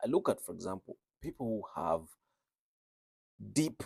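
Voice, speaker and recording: A man's voice: fairly low pitch, big pitch swings, normal speed, creaky, pauses often, a little mellow, slightly rough, no room sound. A man working as a registered nurse, English not his first language, talking earnestly and repeating phrases for emphasis. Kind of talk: reflective talk on speaking with an accent.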